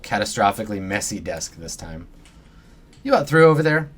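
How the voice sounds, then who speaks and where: A man's voice: on the low side, sing-song, moderate pace. A man hosting a live let's play, reading game narration aloud in a playful manner.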